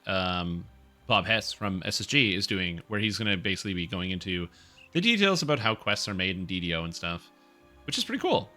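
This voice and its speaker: A lowish, bright, forward male voice chats loosely with his stream audience. He rambles, often chuckles, and gets sidetracked. Faint music plays underneath. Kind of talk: casual live-stream chat.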